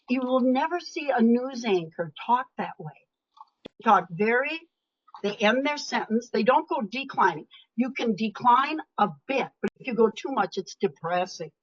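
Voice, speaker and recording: An older woman coach giving a live webinar talk, animated and emphatic, often dropping her voice low or to a whisper for effect. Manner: animated, emphatic, varies loudness, drops to whispers. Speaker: speaker and leadership coach. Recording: dull lo-fi webinar audio.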